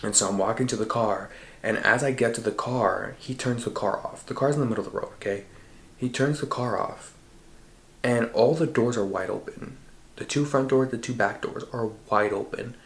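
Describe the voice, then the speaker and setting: A man hosting a podcast, recounting a dream in an animated, slangy and profane way. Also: medium pitch, normal speed. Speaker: podcast host. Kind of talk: casual storytelling. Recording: roomy echo.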